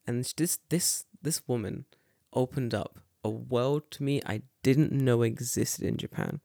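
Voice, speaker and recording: A young man spins a story in casual chat, swearing freely and doubling back on his own words. His voice sits at an everyday middle pitch. It is recorded dry, with no room sound. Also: a little slow, vocal fry, no room sound. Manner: profane, animated, repeats words. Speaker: podcast storyteller.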